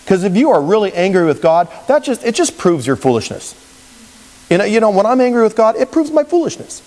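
A man preaching a Bible-teaching sermon as a pastor, conversational and animated, acting out quoted voices. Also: high-pitched, fairly quick. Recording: long reverb, as in a large hall.

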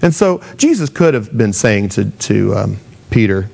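Lively man preaching conversationally. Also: on the low side, unhurried, creaky. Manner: lively, conversational, acts out quoted voices. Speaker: pastor. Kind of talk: sermon.

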